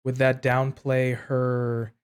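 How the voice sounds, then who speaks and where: Man, podcast co-host, mid pitch, methodical, recapping and reasoning aloud. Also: completely flat delivery, slow, smooth. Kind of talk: casual chat.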